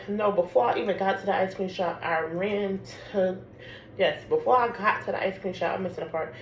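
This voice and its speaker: New woman, casual storytime vlogger, animated and chatty, roomy echo, noisy background. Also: medium pitch, moderate pace, dull audio. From Harlem, New York. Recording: echoey room with background noise.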